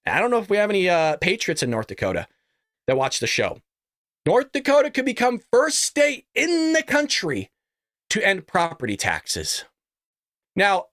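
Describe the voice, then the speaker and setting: A man's voice: on the high side, a bit bright, no room sound, clean studio sound. A man hosting his own political commentary show, reading an ad and then ranting in a heated way with lots of rhetorical questions. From California. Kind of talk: casual political commentary and ad read.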